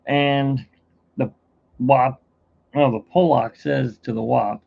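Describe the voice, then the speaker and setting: A man's voice: mid-range voice, steady tone, takes it slowly, creaky, a little mellow, muffled recording. A middle-aged man hosting a live stream, chatting casually and telling jokes in a rambling, self-mocking way.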